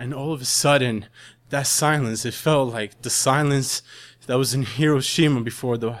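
A man's voice: medium pitch, moderate pace. A young man telling a personal story live, earnest and dramatic.

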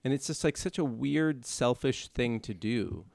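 A man in casual podcast chat, talking haltingly with frequent restarts. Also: medium pitch, gravelly, darkish tone, dry recording.

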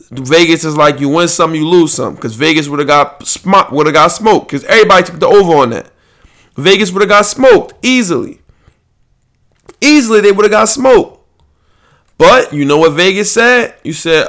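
A man's voice: fairly high pitch, lively intonation, normal speed, a bit bright. A young man hosting a sports podcast, ranting in a heated, profane, casual way. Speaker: podcast host.

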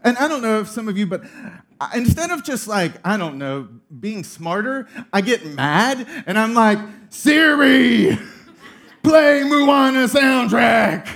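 A man in his thirties preaching a sermon, telling a funny family story with lively energy. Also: high voice, moderate pace. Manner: storytelling, animated, laughing through funny story. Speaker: pastor.

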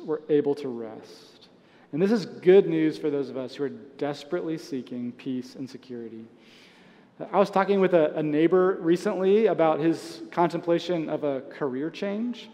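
A man preaching a sermon as pastor, conversational, with soft asides and light chuckles. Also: a little high, lively intonation, moderate pace, big-room sound. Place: church sanctuary.

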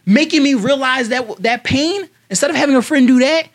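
A man's voice: very high voice, brisk. A young man co-hosting a casual podcast, talking in a heated, insistent way and cutting in to make his point. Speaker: podcast co-host.

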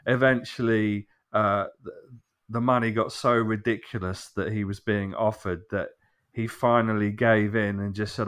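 A man's voice: lowish voice, steady tone, normal speed, a bit bright, smooth. A man on a podcast, telling a story casually with some stumbles and teasing banter. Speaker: podcast co-host. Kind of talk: casual anecdote.

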